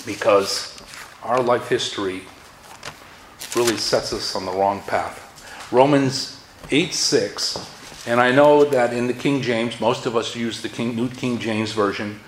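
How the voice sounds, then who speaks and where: A man's voice: medium pitch, steady tone, slow pace, slight background noise. A man with a Massachusetts accent preaching a sermon in an earnest manner, his voice lifting in force when he reads scripture aloud. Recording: roomy echo.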